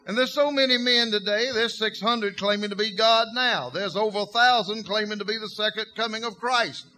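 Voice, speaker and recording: A man's voice: high voice, moderate pace, sharp tone, a little hiss or hum. A man preaching a sermon, telling Bible stories in a folksy, emphatic way.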